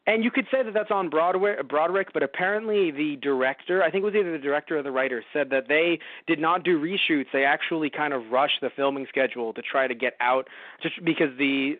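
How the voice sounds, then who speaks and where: A man's voice: on the high side, quick pace, no room sound. Sarcastic, rambling man on a tinny line. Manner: rambling, sarcastic, swears freely. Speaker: podcast co-host. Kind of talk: casual movie review chat.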